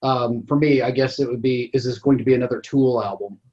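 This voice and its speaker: A man's voice: medium pitch, fairly even intonation, fairly quick, mellow. A man guest on a group podcast, speaking hesitantly and repeating himself over a dull online call. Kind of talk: casual group podcast chat.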